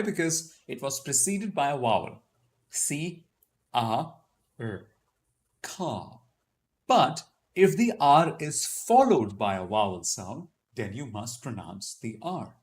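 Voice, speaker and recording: A man with a Delhi Indian English accent hosting a casual live Q&A, chatty and joking as he explains and sounds out words. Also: medium pitch. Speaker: host of a live Q&A.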